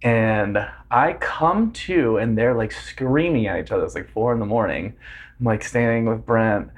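Relaxed male host in his thirties, spins anecdotes. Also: mid-range voice, moderate pace. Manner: laid-back storyteller who acts out voices and laughs often. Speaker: podcast host. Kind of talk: casual chat.

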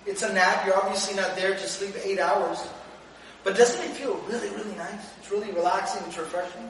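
A man giving a Quran commentary lecture, animated, acting out the voices of the people in the verses. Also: high voice, a little fast, a little hiss or hum. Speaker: Islamic teacher. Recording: echoey hall, speaker far from mic.

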